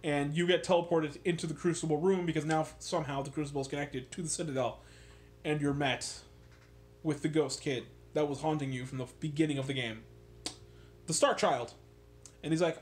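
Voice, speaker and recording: Guy ranting about a game, kinda high voice, swears a ton, sarcastic and worked up. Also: brisk. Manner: animated, sarcastic, swears constantly. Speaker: video game commentator. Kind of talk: casual profane rant.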